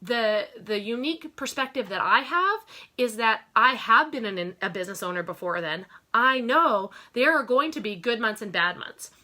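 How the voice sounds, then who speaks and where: A woman delivering a motivational talk about her own business, with a bright, forceful tone. Her voice sits a little high. She hammers points home through repetition and speaks straight to her listeners as "you guys". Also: lively intonation, moderate pace. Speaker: network marketing business owner.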